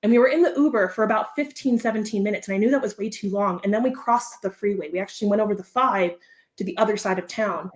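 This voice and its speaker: A Southern California woman, guesting on a livestream, tells a story at a quick pace in a mid-range voice. She's animated and acts out the voices of the people in it.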